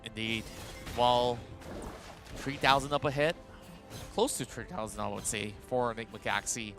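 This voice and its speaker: A man casting a mobile esports match live, talking in an animated, chatty play-by-play style with frequent fillers. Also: mid-range voice, normal speed, over music. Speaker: esports caster.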